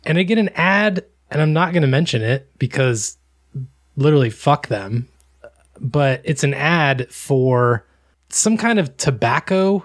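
A man's voice: on the high side, animated, unhurried. A man with an American accent, co-hosting a podcast in casual chat, sardonic and emphatic as he tells stories. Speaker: podcast co-host.

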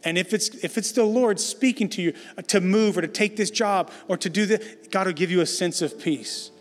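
A man's voice: high-pitched, moderate pace. A middle-aged man preaching a sermon to a congregation, emphatic and conversational, with self-deprecating jokes. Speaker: pastor. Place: large church hall before a congregation. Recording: reverberant hall with soft music behind.

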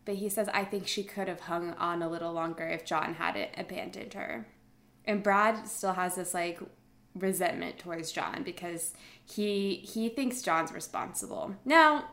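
A woman's voice: fairly low pitch, fairly bright tone. A woman casually retelling a survival story to a friend, chatty, with lots of fillers, acting out the quotes.

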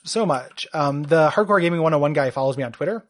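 A man's voice: on the high side, expressive, fast talker. A man co-hosting a podcast in casual chat, rambling and self-deprecating with lots of fillers. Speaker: podcast co-host.

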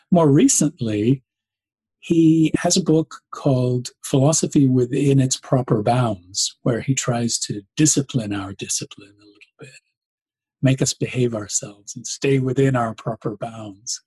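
A man's voice: mid-range voice, moderate pace, a little mellow, husky, low-quality recording. A man hosting an interview show, introducing his guest in a formal, effusive way with frequent ums. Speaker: podcast host.

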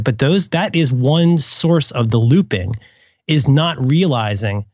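A man's voice: medium pitch, a little mellow, husky, no echo, dull audio. A man hosting a podcast, musing in casual chat with wry asides and self-corrections. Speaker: podcast host.

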